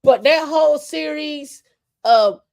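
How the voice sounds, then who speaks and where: A woman's voice: high-pitched, takes it slowly, creaky, a little mellow. A woman co-hosting a podcast who rants with passion, repeating phrases for emphasis and stumbling into restarts when heated. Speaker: podcast co-host. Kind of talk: casual opinion talk.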